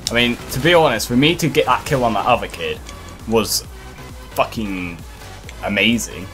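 A man's voice: mid-range voice, normal speed, a bit bright, soft background music. A man commentating over his own gameplay in a frustrated manner, swearing often. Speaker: gaming commentator.

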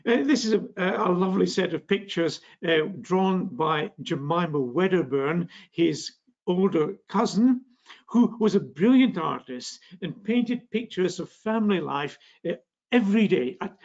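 A man's voice: high voice, expressive, moderate pace, creaky, a little mellow, highs cut off. An older man with a northeast Scottish accent giving a public science lecture, genial, with frequent fillers and restarts. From Scotland. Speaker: physics lecturer.

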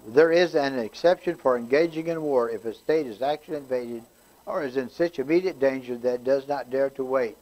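A man's voice: mid-range voice, a little mellow, low-quality recording. A man leading a community constitution class, folksy and chatty with frequent restarts. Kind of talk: casual community class talk.

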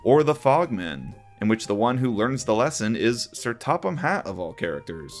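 Animated man reviewing a TV series. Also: medium pitch, normal speed, faint music behind. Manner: opinionated, conversational commentary. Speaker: video essay host.

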